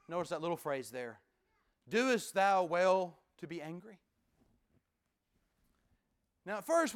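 A man preaching a sermon in a folksy, conversational way, swinging from loud emphatic bursts to hushed near-whispers. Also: high-pitched, clean tone. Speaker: pastor.

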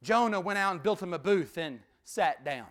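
A man preaching a sermon as pastor, emphatic, repeating key phrases and sometimes dropping to a hushed voice. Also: high voice, animated, normal speed.

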